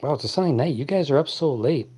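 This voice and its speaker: A man hosting a late-night live stream, chatting casually and answering viewers' comments in a deep, clear voice. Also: animated, fast, dark tone.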